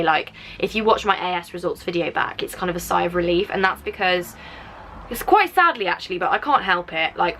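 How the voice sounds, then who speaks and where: Chatting casually on her vlog, a late-teen woman with a Black Country accent, from the Black Country in England, reads viewer comments aloud and rambles through her replies with plenty of fillers. She has a medium-pitched, fairly bright voice. The recording is rough, with slight background noise.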